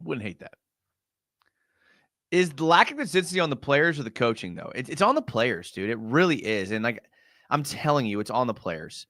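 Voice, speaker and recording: A man's voice: medium pitch, normal speed, dry recording, studio quality. A man hosting a live fan show, breaking down game film in a casual, exasperated ranting style and answering chat. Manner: animated, exasperated rants with sarcasm.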